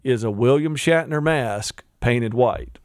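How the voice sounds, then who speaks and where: A man co-hosting a casual talk show, joking and riffing with quick asides. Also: medium pitch, darkish tone, clean tone, no room sound, studio quality. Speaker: co-host. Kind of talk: casual banter.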